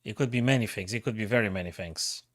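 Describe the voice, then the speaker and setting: Excitable man calling chess moves live. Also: lowish voice, quick pace, no echo, clean studio sound. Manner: thinking aloud, excitable, repeats himself. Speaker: chess streamer.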